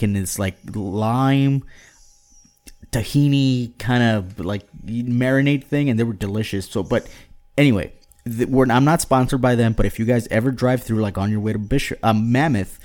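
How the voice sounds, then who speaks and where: A man's voice: medium pitch, a little mellow. A man in his thirties co-hosting a casual podcast, rambling with many restarts and fillers. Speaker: podcast co-host. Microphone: podcast mic at home.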